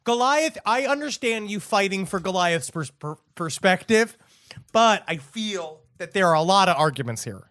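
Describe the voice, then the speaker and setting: A man's voice: high-pitched, animated, normal speed, fairly bright tone, dry recording, studio quality. A man co-hosting a podcast, cracking crude, irreverent jokes. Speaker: podcast co-host. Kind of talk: casual comedic chat.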